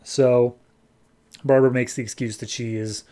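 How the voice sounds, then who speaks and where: A man's voice: medium pitch, steady tone, normal speed, warm tone. A man hosting a podcast, chattily recapping a comic book story with lots of filler words. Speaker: podcast host.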